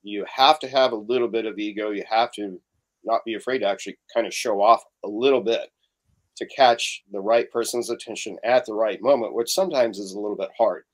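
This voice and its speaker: A man's voice: lowish voice, a little fast. A middle-aged man chatting as a podcast guest, telling stories and acting out the voices of people in them. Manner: storytelling, acts out quoted voices. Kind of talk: casual podcast chat.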